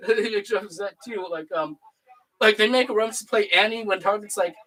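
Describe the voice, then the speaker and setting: A channel host chatting casually, rambling through a story with acted quotes and excitable bursts. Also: mid-range voice, fairly quick, low-quality recording. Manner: excitable, bursts into loud laughing shouts. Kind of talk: casual recap chat.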